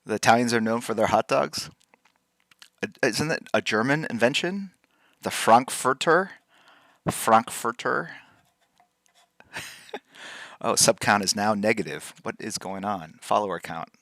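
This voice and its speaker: A man's voice: on the low side, normal speed, a bit bright, no room sound, clean studio sound. A man hosting a live drawing stream, chatting casually and playfully with his chat while he works, teasing them and repeating words to practice saying them.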